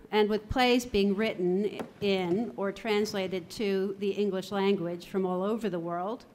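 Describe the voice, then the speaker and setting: A middle-aged theatre voice coach gives a conference talk at a university. Her pitch is ordinary middle range, and her delivery is measured and articulate, frequently working through lists.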